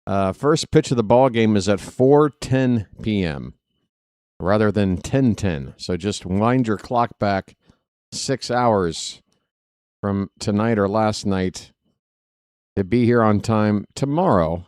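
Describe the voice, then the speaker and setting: A man calling live baseball play-by-play for fans, excitable and jokey, talking straight to his listeners. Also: fairly low pitch, takes it slowly, clear, resonant tone, no room sound, studio quality. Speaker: fan play-by-play commentator.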